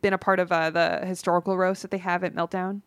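A woman comedian chatting as a podcast guest, telling lively stories, swearing and laughing often. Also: fairly low pitch, fast talker, smooth, no room sound, clean studio sound. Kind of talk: casual podcast chat.

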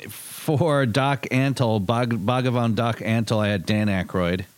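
A man's voice: medium pitch, no echo. Dry-voiced man chatting eagerly. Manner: quick agreeing interjections, enthusiastic. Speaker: podcast co-host. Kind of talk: casual chat.

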